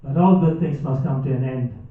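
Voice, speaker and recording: A man doing a stand-up comedy set on a theatre stage, with dry, deadpan, mock-serious delivery and audience laughter behind him. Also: mid-range voice, moderate pace. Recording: echoey, distant, phone-like live hall recording.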